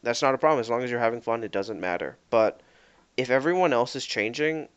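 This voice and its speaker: A man's voice: medium pitch, lively intonation, fairly quick, smooth. A man co-hosting a casual podcast, rambling and correcting himself as he acts out what players say. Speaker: podcast co-host. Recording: dull lo-fi podcast mic.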